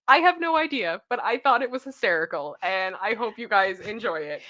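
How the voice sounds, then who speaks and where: A woman's voice: mid-range voice, lively intonation, a little fast, few pauses, pushed and bright. A woman hosting a livestream in casual, giggly chat, reacting to a clip and talking to her viewers. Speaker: livestream host.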